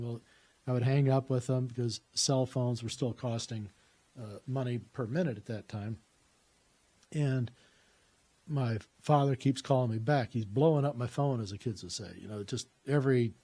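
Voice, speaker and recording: A man's voice: mid-range voice, warm tone. A man telling a personal story in a casual, rambling way, with lots of "uh" fillers and restarts.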